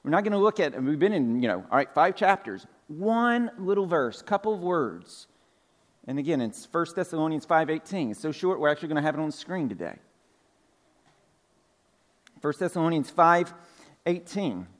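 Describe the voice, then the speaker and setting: Male pastor, slightly high voice, easygoing sermon delivery, restates points, loose filler words. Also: very animated, normal speed. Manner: casual, repeats points, many "like" fillers. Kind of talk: conversational sermon. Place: church sanctuary.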